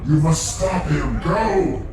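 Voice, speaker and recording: A man voicing urgent ghostly spirits trapped in jars in a tabletop game, giving slow, drawn-out warnings. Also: fairly high pitch, animated, voice pushed up. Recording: heavy echo over loud noise.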